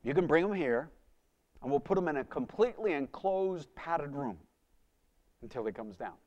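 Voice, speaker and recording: A preacher voicing a brisk male doctor who speaks in a firm, businesslike way. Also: fairly high pitch, animated, dull audio, pitched above the performer's own voice, lightly acted.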